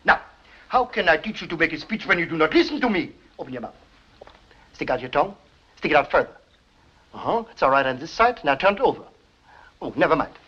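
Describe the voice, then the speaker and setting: An actor playing an excitable elocution professor with a Spanish accent and a husky voice, sputtering and exasperated in 1940s film comedy acting, on a dull old film soundtrack. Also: male voice, fairly high pitch, fast, pauses often, heavily acted. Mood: instructing. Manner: exasperated, sputtering, bursts of laughter. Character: excitable Mexican elocution professor, fussy man. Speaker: elocution teacher.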